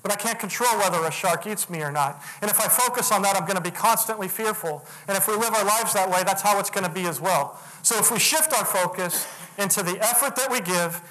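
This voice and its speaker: A man giving a motivational talk, telling a personal story earnestly and getting animated when he acts out other people. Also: high voice, fairly quick, slight background noise, low-quality recording. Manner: earnest, builds to animated retellings. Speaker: motivational speaker.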